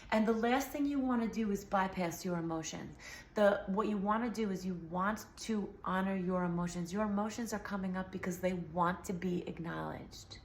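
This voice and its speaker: Gravelly-voiced woman vlogger, slightly sore. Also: mid-range voice, reverberant, a little hiss or hum. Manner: earnest, rambling, many fillers. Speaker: healing vlogger. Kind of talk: casual talk to camera.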